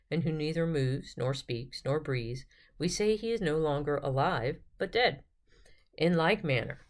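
Calm woman reading a devotional text. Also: low voice. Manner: calm, steady reading aloud of a spiritual text. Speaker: podcast host and retreat guide. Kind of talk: devotional podcast reading and prayer.

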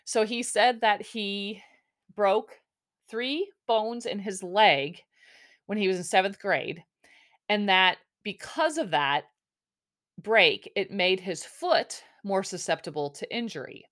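A woman's voice: medium pitch, lively intonation, slow, fairly bright tone. A woman hosting a podcast, recapping in a rambling, chatty way with lots of restarts and some swearing. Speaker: podcast host. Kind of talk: casual chat recap.

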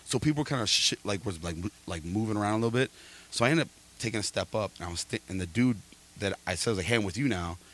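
Fast-talking man telling a story. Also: on the low side. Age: middle-aged. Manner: animated, quotes people in quick back-and-forth. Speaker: podcast host. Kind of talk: casual storytelling chat.

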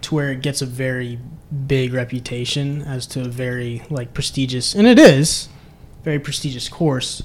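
A man chatting as a podcast guest, an animated storyteller who restarts phrases and laughs often. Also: mid-range voice, normal speed, hardly any pauses. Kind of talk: casual chat.

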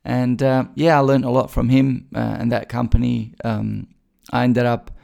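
Man, very gravelly and mellow, casual storyteller, fillers and restarts. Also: mid-range voice, level tone, normal speed. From Bosnia. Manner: chatty, many fillers and restarts. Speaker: recruiter telling his career story.

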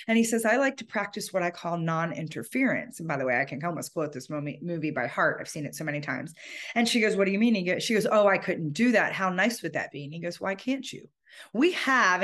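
Earnest woman podcast host, lower voice. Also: fairly bright tone. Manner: earnest, emphatic, heartfelt. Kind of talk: solo podcast monologue.

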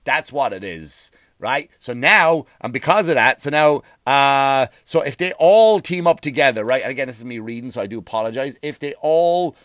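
A man's voice: medium pitch, expressive, normal speed, hardly any pauses, fairly bright tone, no room sound, studio quality. A man hosting a podcast, ranting in a profane, rambling monologue, often stumbling over his words. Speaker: podcast host.

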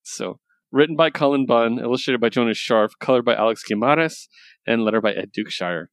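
A man's voice: medium pitch, a little fast, dry recording. A man co-hosting a comics podcast in casual chat, loose and rambling, enthusiastic and swearing casually. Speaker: podcast co-host reviewing comics.

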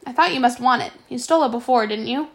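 A woman voicing a calm, probing grown male servant, speaking softly and measuring her questions. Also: fairly high pitch, fast, close to an everyday voice. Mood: questioning.

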